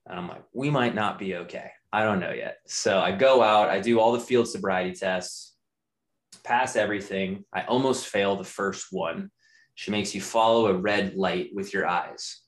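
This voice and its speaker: Young man, low voice, candid and profane casual storyteller; echoey room. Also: moderate pace. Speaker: guest telling a personal story. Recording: roomy echo.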